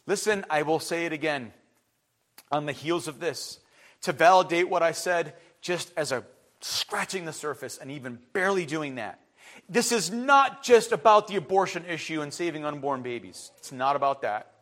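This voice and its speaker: A man, preaching an impassioned sermon that builds to shouting. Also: a little high, animated, moderate pace. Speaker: pastor.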